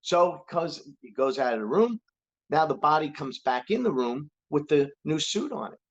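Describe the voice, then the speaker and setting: A man's voice: on the high side, very animated, moderate pace, lo-fi sound. A male comedian telling a joke, acting out the characters' dialogue. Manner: acts out the dialogue in a story.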